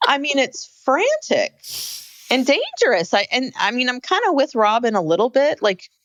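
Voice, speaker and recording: Woman podcast co-host, animated recap chat, lively pitch, dry close sound. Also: moderate pace, dry recording, highs cut off. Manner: animated, exclaims about frantic scenes. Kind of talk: casual reality TV recap chat.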